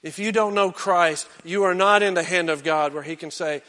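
A male pastor preaching a sermon, swinging from loud exhortation down to hushed, intense near-whispers. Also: high-pitched, moderate pace, in a large hall.

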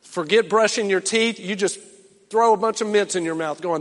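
A middle-aged male pastor preaching a sermon, swinging from loud impassioned calls to low, quiet urging. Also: normal speed, long reverb tail.

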